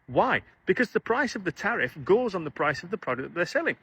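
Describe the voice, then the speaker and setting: A man's voice: sits high, slightly rough, no echo. A man in an opinion clip explaining his view of tariffs in a mocking tone. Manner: fast, animated, mocking.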